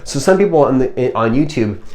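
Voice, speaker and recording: A man's voice: mid-range voice, lively intonation, a little fast, a little mellow. A man giving a motivational self-help monologue as a coach, earnest and rambling, often restarting and repeating his points. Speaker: manifestation coach.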